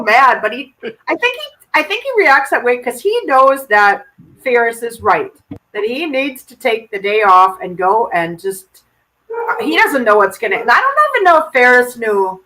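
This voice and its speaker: A woman guest on a podcast, chatting casually about a movie, chatty with halting restarts. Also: a little high, big pitch swings, bright, forceful tone, rough recording. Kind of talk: casual movie review chat.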